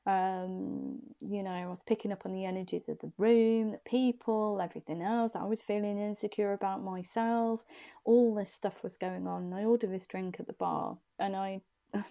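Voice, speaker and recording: A woman's voice: medium pitch, steady tone, normal speed, creaky, warm tone. A woman, a reader chatting casually and laughing at herself as she tells a personal story. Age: young adult. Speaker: intuitive reader.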